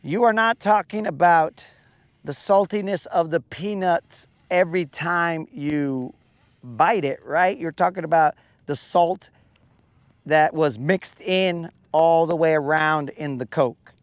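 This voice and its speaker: A man with a fairly high voice talks slowly and at length, hosting a live fishing stream out on a lake. He rambles through viewers' questions with jokey self-mockery. The sound is dry and close. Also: no echo. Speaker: fishing livestream host. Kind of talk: casual live-stream chat while fishing. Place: outdoors on a boat on a lake.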